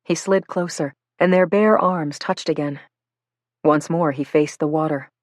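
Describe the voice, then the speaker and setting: A woman reading a novel aloud in an even, measured storytelling style, close to the mic. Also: low voice, dry recording. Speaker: audiobook narrator. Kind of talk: scripted narration.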